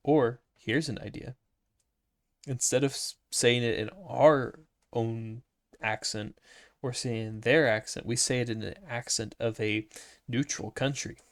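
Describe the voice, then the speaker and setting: A man's voice: mid-range voice, steady tone, unhurried, no room sound, studio quality. Young man joking dryly on a podcast. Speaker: podcast co-host. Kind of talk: casual chat.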